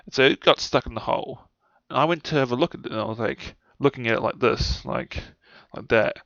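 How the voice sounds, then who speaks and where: A man's voice: mid-range voice, fairly quick, vocal fry, a bit bright, no echo. A young man with a New Zealand accent telling childhood stories in a rambling, sweary way. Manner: rambling, swears often, trails off. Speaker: vlogger. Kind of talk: casual storytelling to camera. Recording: dull, dry lo-fi sound.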